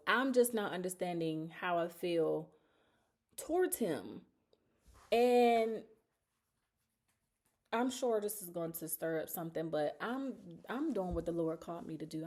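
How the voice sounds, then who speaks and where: A woman's voice: medium pitch, a little mellow. Emotional, confessional woman in her thirties. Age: 30s. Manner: emotional, confessional, rambling with many fillers. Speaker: vlogger. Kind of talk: candid personal storytelling vlog.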